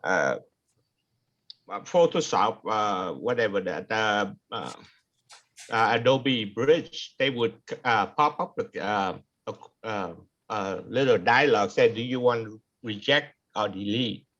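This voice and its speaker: A club member, a man with a lowish voice, talks very slowly and keeps pausing on uh's. His video call audio sounds dull and lo-fi. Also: fairly bright tone. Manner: hesitant, many uh's. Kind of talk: casual Zoom meeting chat. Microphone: computer mic on a video call.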